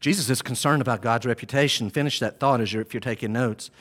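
A man's voice: mid-range voice, quick pace, a bit bright. A man preaching a sermon who speaks to the congregation directly and hammers home key phrases by repeating them. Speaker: pastor.

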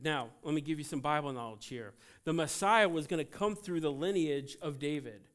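Man preaching animated pastor, pitched up. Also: moderate pace, few pauses. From United States. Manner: animated, emphatic, swings between loud peaks and quiet asides. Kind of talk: sermon.

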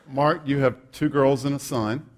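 A man's voice: medium pitch, background noise. A male pastor preaching a sermon, reading scripture aloud and adding humorous, self-deprecating asides.

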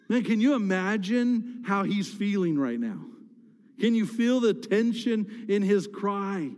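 High-voiced man preaching in a reverberant hall. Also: expressive, normal speed. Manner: dramatic, swings from loud pleading to hushed whispers. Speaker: pastor. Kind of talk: sermon.

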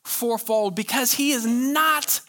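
A male pastor preaching a sermon, pressing his points with rhetorical questions and drawn-out pauses. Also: very high-pitched, lively intonation, pushed and bright.

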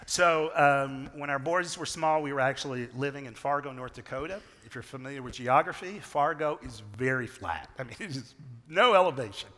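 A middle-aged man preaching a sermon, telling a story with big swings from loud to hushed. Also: on the high side. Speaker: pastor. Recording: long reverb of a large hall.

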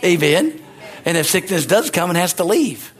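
A man's voice: high voice, very animated, normal speed, some chatter behind. A man preaching a rousing sermon, calling out amens and hallelujahs between points. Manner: rousing, call-and-response preaching. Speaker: pastor.

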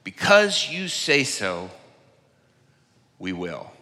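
A man's voice: high-pitched, moderate pace, long reverb tail, full character voice. A man doing a sarcastic weary fisherman. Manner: deadpan, sarcastic.

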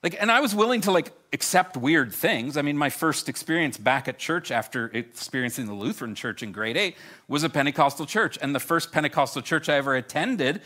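A middle-aged man preaching a sermon, animated and storytelling, with self-deprecating humor. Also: fairly high pitch, brisk. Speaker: pastor.

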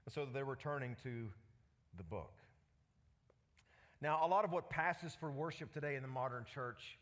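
A man preaching a sermon as pastor, animated and full of rhetorical questions. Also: mid-range voice, normal speed.

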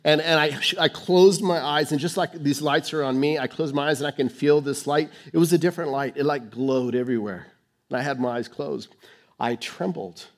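A male pastor preaching a sermon on stage under lights, sharing his testimony with dramatic swings between hushed and emphatic, rushing then slowing for key phrases. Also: on the high side, fairly even intonation. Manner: fast rushed delivery, slowing for key phrases.

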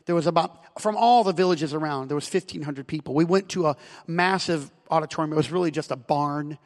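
An American pastor preaching in a church, with a notably high voice for a man. He tells stories at an easy pace and then pushes into loud, emphatic preaching. His voice rings out with a long reverb in a large hall. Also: brisk. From United States. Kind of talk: sermon with personal stories.

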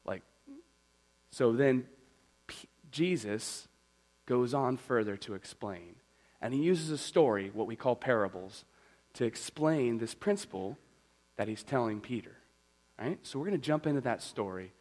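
Male pastor, sermon, animated conversational storyteller, medium pitch. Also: unhurried, long pauses, poor audio.

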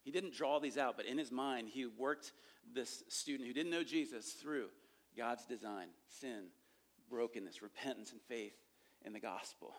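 A man delivering a sermon in a relaxed, conversational teaching voice. He circles back to key points and keeps checking that listeners follow. His pitch sits in an ordinary middle range. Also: moderate pace. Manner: conversational, repeats points with frequent "okay?" check-ins. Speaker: pastor teaching evangelism.

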